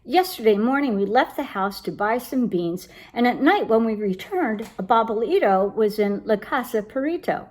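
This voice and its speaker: A woman's voice: on the high side, lively intonation, moderate pace, hardly any pauses, a little mellow. A woman voicing a small, chatty chihuahua dog who gossips in rhyme.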